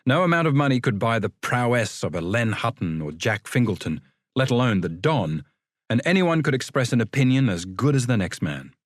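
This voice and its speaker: Lively male audiobook narrator. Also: medium pitch, moderate pace, dry recording, clean studio sound. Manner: expressive, lively storytelling. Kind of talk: scripted storybook narration.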